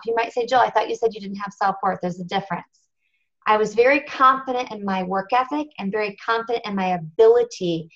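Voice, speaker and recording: A national marketing director speaks on a team conference call, giving a motivational talk. Her medium-pitched, fairly bright voice comes through lo-fi as she tells her own story in an earnest, confessional way, hammering her points home through repetition.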